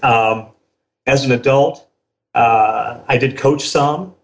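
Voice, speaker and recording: Measured middle-aged man with many pauses. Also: medium pitch, fairly even intonation, vocal fry. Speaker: race director, interview guest. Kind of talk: casual interview chat.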